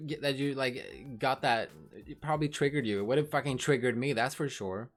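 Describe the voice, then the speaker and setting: A woman's voice: a bass voice, a little fast. A woman livestreamer in casual chat, talking frankly to her viewers and swearing freely, with faint music behind her.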